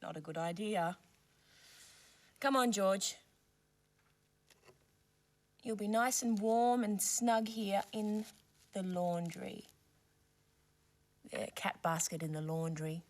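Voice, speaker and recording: A woman presenting a children's TV show, playing gently with toy animals and asking the young viewers questions. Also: medium pitch, steady tone, slow pace, long pauses.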